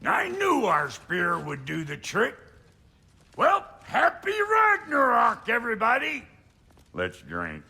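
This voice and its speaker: An actor playing a boastful male god who cheers loudly in a video game cutscene. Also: on the high side, huge pitch swings, slow, vocal fry, hardly any pauses, husky, long reverb tail, full character voice. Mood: gloating.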